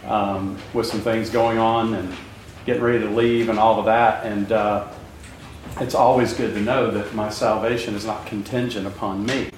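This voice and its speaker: Heard from a distance in a very echoey room, a male Bible teacher quizzes his class in a chatty, informal way, full of fillers and jokes with the students. His voice is fairly low, and there's a slight hiss or hum.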